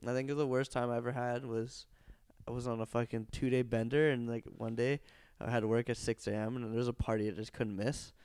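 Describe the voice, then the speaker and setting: A man's voice: mid-range voice, fairly even intonation, a little fast, darkish tone, clear, resonant tone, dry recording. A young man in casual chat, laid-back and profane, trading stories and laughing along.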